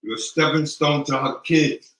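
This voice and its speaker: A man's voice: a little high, normal speed, a bit bright, reverberant, low-quality recording. A man in casual chat, giving blunt relationship advice like sayings.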